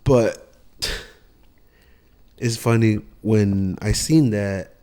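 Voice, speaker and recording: A man's voice: on the low side, very slow, a little mellow. Young guy on a podcast, slangy, cusses, keeps restarting his sentences. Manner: slangy, swears, rambling restarts. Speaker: podcast co-host. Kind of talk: casual storytelling chat.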